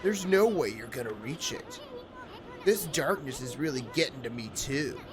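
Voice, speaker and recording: A woman's voice: a bass voice, huge pitch swings, crowd noise, full character voice. A woman voicing a boastful, sleazy little male bug artist in a video game. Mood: cocky. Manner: boastful, brash, fast-talking. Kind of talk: reading game dialogue aloud. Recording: game music behind.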